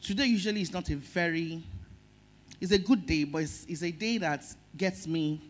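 A middle-aged woman with a Nigerian accent preaching a sermon as pastor, emotional, swinging between loud stress and soft words. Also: fairly low pitch, moderate pace.

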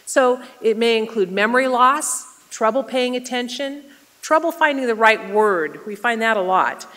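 A woman's voice: fairly high pitch, expressive, normal speed, pushed and bright. Middle-aged woman nurse, conversational lecturer who quizzes the audience, recorded with hall reverb. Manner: conversational, asks the audience questions. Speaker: nurse presenter. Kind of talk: community health lecture.

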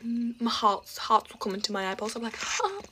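A woman's voice: a little high, sing-song, fairly quick, heavy background noise. A teenage girl chatting while getting ready for school, dramatic and exasperated, laughing often. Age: teens. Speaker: vlogger. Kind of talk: get-ready-with-me vlog.

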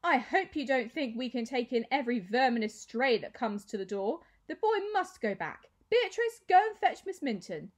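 A woman's voice: a little high, sing-song, normal speed, hardly any pauses. Woman putting on a haughty, cold rich mother. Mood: disdainful. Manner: imperious, disdainful. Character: cold haughty wealthy mother, middle-aged.

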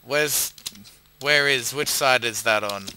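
A tipsy Australian man talking through a game at an unhurried pace. His voice is sharp and edgy, and he curses loudly whenever a jump goes wrong. There is a faint hiss under the recording. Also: mid-range voice. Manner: swears a lot, shouts and curses at his own failed jumps. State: tipsy, a bit drunk. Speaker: gamer playing a parkour map. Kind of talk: casual gameplay commentary.

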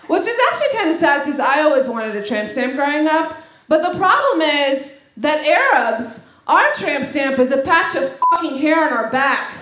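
A woman's voice: high-pitched, a bit bright. A woman doing a stand-up set on a club stage, brash and profane, checking in with the crowd after each joke, into a handheld mic. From Lebanese family. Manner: brash, profane, quick asides with "right?". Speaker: stand-up comedian. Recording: echoey club, crowd noise.

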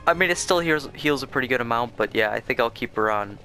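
A young man with a bright, forward voice talks his way through a video game, rambling and casual, restarting sentences and filling pauses. His pitch sits in an ordinary middle range, and faint game music plays under his voice. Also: animated. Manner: rambling and chatty, with many fillers and restarts. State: sleepy, yawning. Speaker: let's play host. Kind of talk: casual gameplay commentary.

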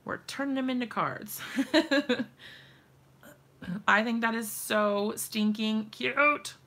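Young woman, craft livestream host, chatty and giggly, slow delivery, some vocal fry. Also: a little high, fairly bright tone. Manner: giggly, chatty, laughs often. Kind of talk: casual live-stream chat while crafting.

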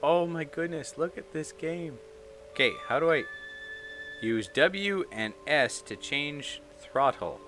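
A man playing a video game, chatting excitedly and reading the on-screen text aloud. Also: a little high, slow pace. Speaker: gaming YouTuber. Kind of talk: let's play commentary. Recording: light game music behind.

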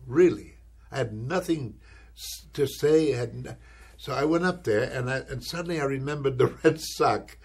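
An older actor telling an anecdote in an interview, animated and acting out the voices he quotes, often adding "you know". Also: medium pitch, breathy edge. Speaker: actor recalling his career.

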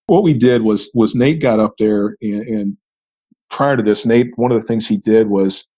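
A man's voice: fairly low pitch, normal speed, mellow, dull audio. A middle-aged man, a retired federal agent, recounting an old case in conversation, often restarting and repeating words. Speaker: retired FBI agent, podcast guest.

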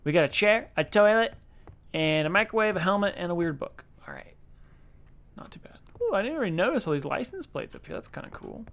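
A man's voice: high voice, big pitch swings, brisk, a bit bright. A man giving casual let's-play commentary, chatty and self-mocking, talking to the game's characters. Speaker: gaming YouTuber.

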